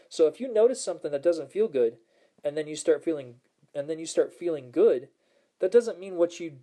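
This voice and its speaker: An earnest man with a fairly high voice teaches his listeners in an upbeat motivational talk. He repeats his key phrases and slows down to stress them. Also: mellow. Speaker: host and self-help coach.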